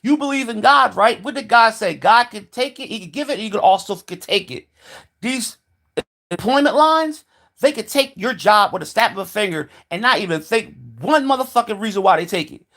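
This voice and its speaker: A man's voice: high voice, lively intonation, moderate pace, bright, forceful tone. A man ranting angrily about politics and jobs, swearing freely and slipping into mocking quoted voices of other people. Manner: profane, heated, talks in quoted voices. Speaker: video commentator. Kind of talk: angry political rant.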